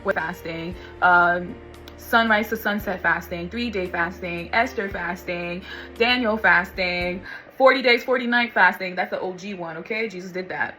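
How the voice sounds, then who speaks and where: A woman telling her personal faith testimony in a casual, animated way, calling listeners honey and y'all and acting out what others said. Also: on the low side, moderate pace, faint music behind, rough recording. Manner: animated, acts out voices of others and God. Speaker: vlogger sharing faith testimony.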